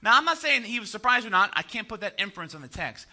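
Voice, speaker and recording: High bright guy preaching a sermon, jokey, keeps saying right? to the crowd. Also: very animated, fast. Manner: joking, conversational preaching with rhetorical "right?" asides. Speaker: pastor.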